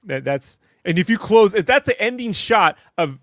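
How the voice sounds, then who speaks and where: A man with a fairly high voice talking loosely on a podcast, swearing casually and calling his friend dude. The sound is dry and close, with no room around it. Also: expressive, normal speed, no echo. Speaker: podcast co-host. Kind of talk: casual chat.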